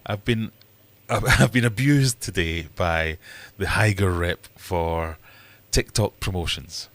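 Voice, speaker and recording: A middle-aged man chats loosely on a livestream in a deep, low voice. He wanders from story to story, jokes at his own expense, and slips into quick impressions of the people he talks about. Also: fairly bright tone, no echo. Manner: rambling and jokey, acting out other people's voices; self-mocking asides. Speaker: livestream host. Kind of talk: casual livestream chat.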